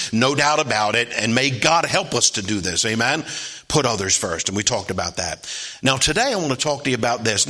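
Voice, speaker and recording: A man preaching a sermon as pastor, emphatic and repetitive, often asking the congregation "Amen?" and reading scripture slowly. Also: mid-range voice, bright, forceful tone. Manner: emphatic preaching, frequent call-and-response "Amen?", repeats key phrases; reads scripture slowly and deliberately.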